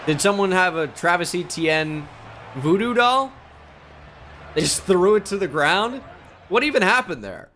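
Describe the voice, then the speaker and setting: Dude doing goofy game commentary, bright sharp voice, kinda high, swears a lot, gets excited. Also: male voice, unhurried, pauses often, a little hiss or hum. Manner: joking, excitable, swears freely. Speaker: gaming YouTuber. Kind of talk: casual video game commentary.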